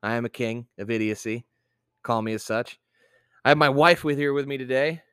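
A young man hosting a casual podcast, swearing constantly and ranting with loud outbursts. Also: medium pitch, moderate pace, clean tone. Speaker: podcast host.

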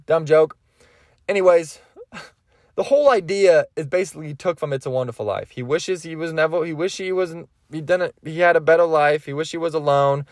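A man's voice: a little high, dry recording, clean studio sound. A young man hosting a casual solo podcast, rambling about movies with a lot of swearing and laughing at his own jokes. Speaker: podcast host.

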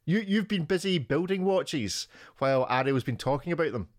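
A man's voice: a little high, expressive. A man hosting a podcast, teasing his co-hosts in casual chat. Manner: teasing, quick to laugh. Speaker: podcast host.

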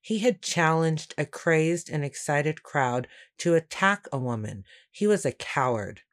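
Woman narrating a first-person story. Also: low voice. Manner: steady, measured storytelling. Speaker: audiobook narrator.

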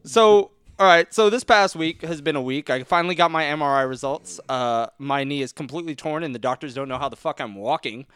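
A man's voice: a little high, fairly quick, hardly any pauses, clean tone, no echo. A young man hosting a podcast, telling stories in casual chat, laughing and swearing freely. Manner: laughing, animated storyteller who swears freely. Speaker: podcast host. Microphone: studio mic.

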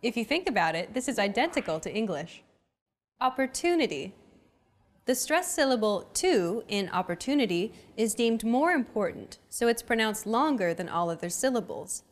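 A young adult woman hosting a language lesson, with clear, upbeat, teacherly scripted narration. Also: on the high side, very animated, moderate pace, few pauses.

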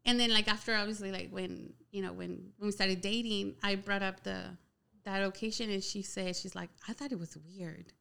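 A young woman casually telling a personal story, chatty and animated, with a lot of "like" filler. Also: mid-range voice, normal speed, creaky, smooth. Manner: chatty, heavy use of "like" filler, animated retelling.

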